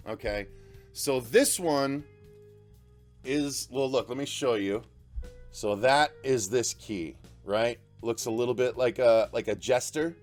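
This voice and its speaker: A man hosting a casual unboxing vlog, excitable and gushing, often stumbling over his words. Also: mid-range voice. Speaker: channel host.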